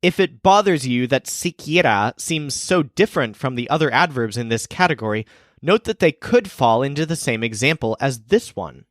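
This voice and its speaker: Male teacher-host, lively delivery, dry close mic. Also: mid-range voice, no echo. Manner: explains clearly, slows down for example sentences. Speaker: language teacher. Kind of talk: scripted teaching narration.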